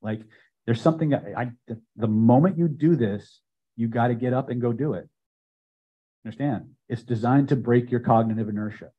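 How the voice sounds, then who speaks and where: Emphatic husky-voiced man teaching a seminar. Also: medium pitch, normal speed, dull audio. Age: older. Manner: emphatic, builds repeated phrases to loud peaks then drops quiet. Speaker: hypnosis and self-help trainer. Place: seminar room with audience.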